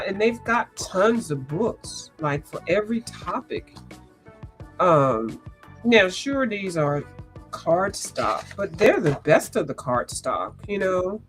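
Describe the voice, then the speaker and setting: A woman, chatting casually and rambling as she hosts a coloring livestream, sounding congested and clearing her throat. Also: medium pitch. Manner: chatty, rambling, lots of asides and restarts. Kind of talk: casual chat.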